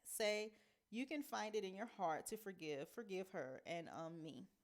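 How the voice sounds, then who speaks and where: A woman's voice: medium pitch, measured pace, close to an everyday voice. A woman reading as a genteel, amiable man. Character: friendly, overly polite middle-aged man. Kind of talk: reading a novel aloud.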